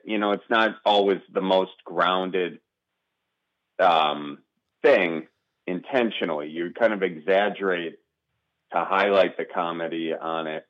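A man talks loosely as a comedian guest, circling back and restarting his thoughts. His voice sits on the low side. The audio is dull and lo-fi. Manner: rambling, restarts often, self-deprecating. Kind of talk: casual interview chat.

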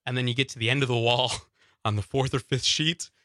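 A man's voice: mid-range voice, steady tone, brisk, a bit bright, dry recording. A man co-hosting a radio talk show in a studio, telling a story in a chatty way and laughing often. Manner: chatty storyteller, laughs often, acts out his own thoughts. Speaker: radio co-host. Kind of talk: casual radio chat.

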